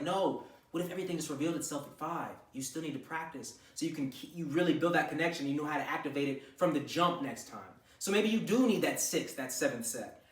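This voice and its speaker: A gym-advice vlogger with a fairly high, slightly bright voice rants unscripted to camera, lecturing the listener with blunt, profane tips. Recorded on the camera mic, he sounds far away in an echoey room.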